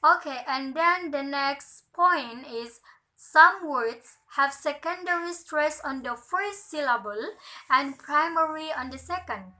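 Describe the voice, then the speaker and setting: A young woman student presenting a pronunciation lesson, reading slowly and carefully and linking points with "okay" and "and then". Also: high voice, sharp tone, rough recording.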